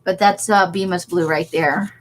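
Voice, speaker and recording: A woman's voice: on the low side, fairly even intonation, moderate pace, a little hiss or hum. A woman chatting casually on a craft livestream, laughing often as she answers viewer comments. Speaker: livestream host.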